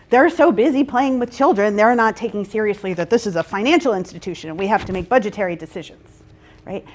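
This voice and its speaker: A woman facilitating a workshop, explaining to a group and checking in with "right?" and "okay?". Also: mid-range voice. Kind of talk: interactive workshop talk.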